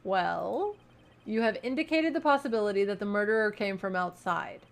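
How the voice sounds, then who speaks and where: A woman voicing an older male judge from a game, speaking slowly and formally. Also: medium pitch, creaky, natural voice. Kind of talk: reading game dialogue aloud.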